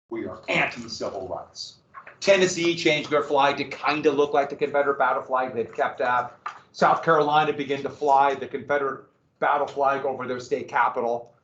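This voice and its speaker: A man's voice: mid-range voice, a bit bright, slight background noise. Male teacher lecturing in a roomy classroom. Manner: conversational, asides and questions to students. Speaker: history teacher. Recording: roomy, distant, dull classroom recording.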